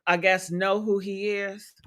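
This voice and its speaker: Bright-voiced blunt woman streamer. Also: mid-range voice, level tone, measured pace, slight background noise. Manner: blunt, profane, talks to chat. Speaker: livestream host. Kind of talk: livestream commentary.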